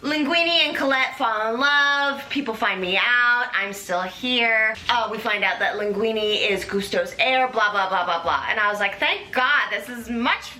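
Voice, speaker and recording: A woman's voice: fairly high pitch, normal speed, hardly any pauses, bright, forceful tone. A young woman hosting a comedic chat, rambling playfully with lots of fillers. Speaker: host. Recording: echoey room with faint noise.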